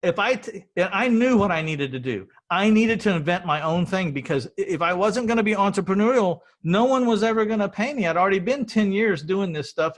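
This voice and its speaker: A middle-aged man hosting an interview, telling his story in a rambling, earnest way and often repeating words. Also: sits high. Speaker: podcast host.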